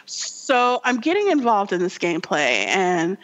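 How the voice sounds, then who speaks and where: A woman co-hosting a podcast, recounting a story in a loose, animated way full of "like" and little acted-out voices. Her pitch sits in the middle for a woman. The sound is a bit dull and lo-fi. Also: a little slow. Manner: animated storytelling with many fillers, acts out game characters. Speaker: podcast co-host. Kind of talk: casual chat.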